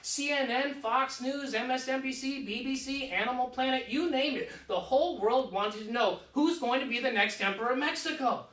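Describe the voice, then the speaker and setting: A man with a high, bright voice performs a goofy, excitable comic monologue, sprinkling "like" everywhere. He is heard from across a living room, so the sound is roomy and distant. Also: moderate pace, hardly any pauses. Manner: goofy, slangy and excitable, full of "like". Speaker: solo stage performer. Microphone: camera across the room.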